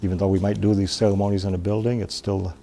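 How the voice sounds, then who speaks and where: Gravelly low-voiced male storyteller. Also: little pitch movement, mellow, slight background noise. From Wisconsin. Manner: unhurried, plain-spoken, with pauses and restarts. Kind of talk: traditional oral storytelling.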